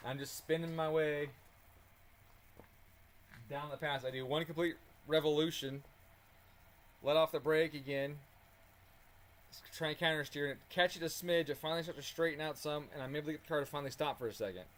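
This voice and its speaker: Man, higher-pitched, casual and animated storyteller, swears and chuckles while he works in the garage. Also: brisk, long pauses. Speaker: car tuning channel host.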